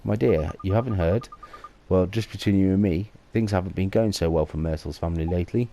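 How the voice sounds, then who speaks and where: A man's voice: sits low, a little fast, mellow, a little hiss or hum. A man voicing a nosy, fussing old woman neighbour in a video game, gossiping on and on. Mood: gossipy.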